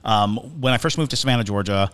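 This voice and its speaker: A man's voice: fairly low pitch, fast talker, a bit bright, smooth. A man co-hosting a podcast, telling a story in a casual, chatty way, restarting his sentences and chuckling as he goes. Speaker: podcast co-host.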